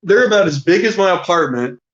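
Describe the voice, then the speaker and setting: A man's voice: sits high, lively intonation, brisk, fairly bright tone. A man in his thirties telling a long story casually as an interview guest, rambling, swearing often and filling his talk with "like". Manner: rambling, swears a lot, many "like" fillers. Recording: dull lo-fi recording.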